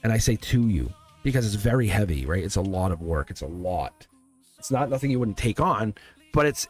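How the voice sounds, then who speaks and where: A man hosts a live tarot stream, talking in a loose, rambling way that keeps circling back to reassure his viewers. He checks in with the audience over and over. Faint music plays underneath his voice. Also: lowish voice. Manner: loose, rambling, encouraging, often checking in with "right?". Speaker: tarot reader and channel host.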